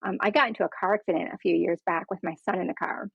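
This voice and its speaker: Husky-voiced woman telling her story frankly. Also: on the low side, fairly even intonation, fast, no room sound. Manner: frank, earnest, acts out quoted people. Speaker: patient sharing her story. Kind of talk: candid personal storytelling conversation. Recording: dull lo-fi dry sound.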